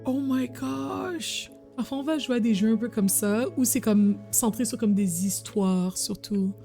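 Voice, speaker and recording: A woman's voice: medium pitch, steady tone, a little fast, mellow. Chatty bilingual streamer woman. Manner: chatty, switches between French and English, reacts to the game. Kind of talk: casual livestream commentary. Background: game music.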